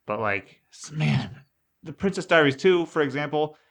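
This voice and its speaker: A man's voice: a little high, expressive, normal speed, gravelly, a bit bright. A man co-hosting a podcast, explaining points in casual chat and livening up as he lists examples. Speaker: podcast co-host.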